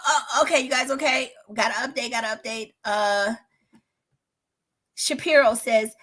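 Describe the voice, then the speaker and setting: A middle-aged woman hosting a home livestream, commenting dramatically with loud exclamations and laughter, then dropping to a hush. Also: a little high. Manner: dramatic, exclaims and laughs loudly, swings from shouting to hushed. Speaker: livestream host covering a trial. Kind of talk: excitable live commentary. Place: home studio in a spare bedroom.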